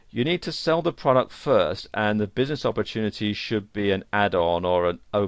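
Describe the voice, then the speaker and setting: A man's voice: on the low side, creaky, no echo. A man narrating an online course lesson, giving earnest, direct advice to learners.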